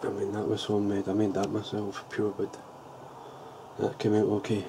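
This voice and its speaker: A man's voice: on the low side, monotone, normal speed. A man casually showing his homemade model trailer build, thinking aloud with loose restarts. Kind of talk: casual show-and-tell vlog. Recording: clear background ambience noise.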